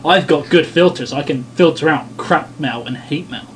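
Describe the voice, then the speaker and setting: A man's voice: fairly high pitch, moderate pace, slight background noise. A man hosting a casual podcast, sarcastic and blunt, swearing freely as he banters. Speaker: podcast host.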